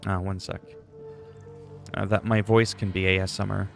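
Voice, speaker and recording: Low, gravelly goofy streamer guy. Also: level tone, moderate pace, soft background music. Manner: rambling, goofy, self-deprecating. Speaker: gaming livestreamer. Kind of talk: casual livestream chat.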